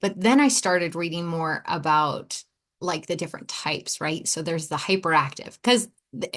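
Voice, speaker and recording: Thirties, podcast host; animated storyteller who acts out quotes. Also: female voice, low-pitched, moderate pace. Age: 30s. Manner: animated, quotes people in lively voices, laughs often.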